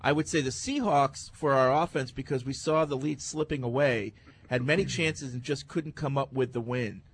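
A man's voice: mid-range voice, normal speed, slight background noise. A man hosting a casual sports talk show, reading listener emails and teasing his co-hosts.

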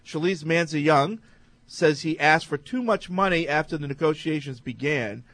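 A man's voice: on the high side, moderate pace, fairly bright tone. A man co-hosting a sports talk radio show, reading listener emails in an easygoing way. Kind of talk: casual sports radio chat.

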